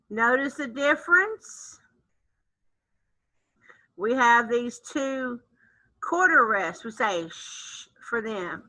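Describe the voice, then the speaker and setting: A woman music teacher leading an online lesson for young children, chanting syllables in an animated, sing-song voice. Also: fairly high pitch, low-quality recording. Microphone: computer mic on a video call.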